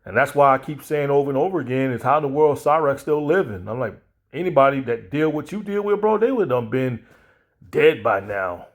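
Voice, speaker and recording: A man's voice: mid-range voice, lively intonation, fairly quick. A man talking in a casual commentary vlog, blunt and rambling, repeating himself and laughing at his own jokes.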